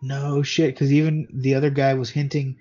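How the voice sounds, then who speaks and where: A man in a casual podcast chat about a movie, relaxed and slangy, asking questions about the plot. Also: medium pitch, normal speed. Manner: laid-back, uses slang like dude. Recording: dull lo-fi audio with faint music.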